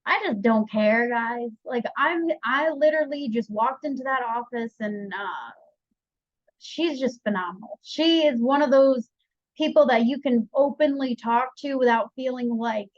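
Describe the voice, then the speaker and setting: A young woman guest talking candidly about her mental health, retelling conversations in a lively, chatty way. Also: fairly high pitch, a little slow, no echo, highs cut off. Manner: chatty, animated retelling with quoted dialogue. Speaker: podcast guest. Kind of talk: candid personal story.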